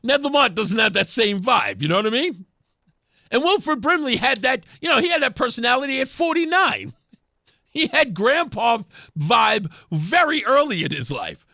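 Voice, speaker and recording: A man's voice: very high-pitched, sing-song, moderate pace, vocal fry, bright, forceful tone, dry recording, studio quality. A man hosting a talk radio show, giving sarcastic political commentary and laughing often. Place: radio studio.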